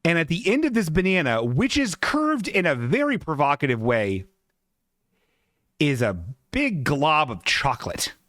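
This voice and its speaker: A podcast host runs a comedy show, riffing on pictures in animated, giggly casual commentary full of giggling asides. His voice sits on the high side and unhurried, captured in a dry, studio-quality recording.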